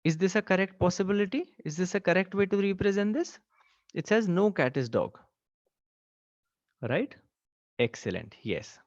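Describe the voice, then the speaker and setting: A man teaches a live online class. His voice sits a little high and swings up and down. The sound is dry and slightly dull, like a webcast mic. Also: expressive, normal speed, pauses often, no echo. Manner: asks the class frequent questions, repeats "okay" and "right". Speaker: online exam-prep teacher.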